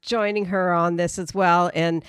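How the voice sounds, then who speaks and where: A woman co-hosting a podcast, chatting casually and agreeing warmly. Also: fairly low pitch, fairly even intonation, a little slow, clean tone, no room sound, studio quality. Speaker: podcast co-host. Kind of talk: casual chat.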